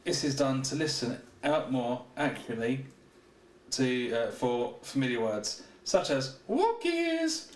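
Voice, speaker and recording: A man's voice: mid-range voice, fairly even intonation, a little slow. A man co-hosting a podcast, reading facts aloud in casual chat and laughing easily. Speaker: podcast co-host. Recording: echoey room, distant mic, faint noise.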